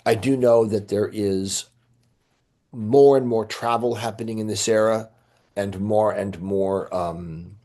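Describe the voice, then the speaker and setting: Slow and dark-toned, this middle-aged man's voice sits on the low side and stays steady. A priest giving an informal church history lecture in response to questions, he rambles, full of fillers and false starts.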